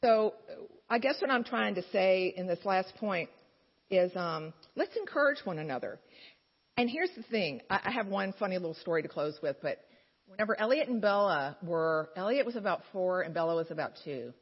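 A woman's voice: mid-range voice, animated, normal speed, breathy edge. A woman giving an encouraging faith-based talk to mothers in a large hall, telling candid stories in a conversational way with asides. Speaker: speaker at a mothers' gathering. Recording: dull, lo-fi recording in a reverberant hall.

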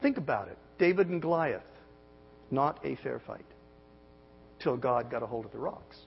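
A man's voice: animated, moderate pace, creaky. Emphatic male preacher in a reverberant hall. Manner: emphatic preaching with sharp swings in pitch and volume, rhetorical questions. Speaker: pastor. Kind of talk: sermon. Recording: dull sermon audio with long hall reverb and faint hum.

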